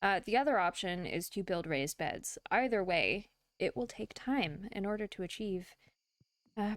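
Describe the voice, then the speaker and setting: Slow-talking chatty woman streamer. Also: medium pitch, dry recording. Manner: chatty, rambling, laughs often. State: has the hiccups. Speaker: streamer playing a farming game. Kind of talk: casual gameplay chat.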